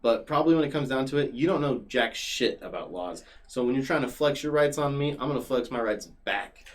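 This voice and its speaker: A man's voice: mid-range voice, brisk. A young man chatting casually as a podcast guest, telling stories with lots of fillers. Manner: animated storyteller, many fillers like "like". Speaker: podcast guest and former regular.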